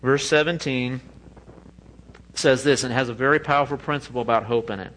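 A man preaching a sermon in a lively, joking way, often laughing at his own asides. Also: medium pitch, fairly quick, poor audio. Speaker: pastor.

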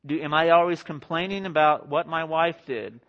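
A young married man preaching a sermon to a congregation in a conversational, self-deprecating way, slipping into quick acted-out quotes. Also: fairly high pitch, fairly even intonation. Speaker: pastor. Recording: dull lo-fi sound.

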